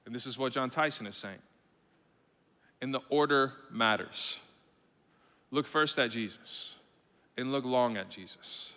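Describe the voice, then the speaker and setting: A man in his thirties preaching a sermon, talking conversationally and swinging from quiet to loud and emphatic, with repeated phrases and frequent "right?" asides. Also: medium pitch. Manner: repeats phrases in quick lists with tag questions like "right?". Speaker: pastor. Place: church auditorium. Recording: long reverb of a church hall.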